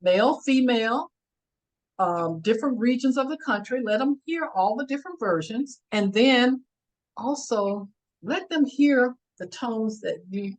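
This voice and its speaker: A woman's voice: mid-range voice, rough recording. A woman communication trainer on a webinar, speaking in an emphatic, encouraging teaching manner over a video call. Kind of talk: webinar discussion.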